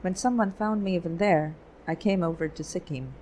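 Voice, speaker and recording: A woman voicing a calm, guarded photographer raised in Germany, telling his past in a measured way. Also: fairly low pitch, a little hiss or hum, close to an everyday voice, poor audio. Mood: earnest. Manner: measured, explanatory storytelling.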